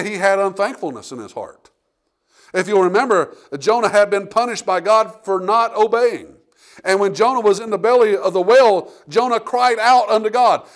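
A man preaching a sermon with emphatic delivery, reading scripture aloud and swinging between loud and quiet passages. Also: high voice. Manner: emphatic preaching, rising and falling in volume, reads scripture aloud.

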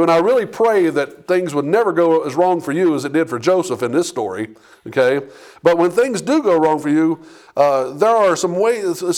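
A male pastor with a notably high voice delivers a sermon in a plain, conversational way. He leans on "okay?" and "Amen?" to keep the congregation with him. His delivery climbs in pitch and force as he urges them on. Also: a little mellow.

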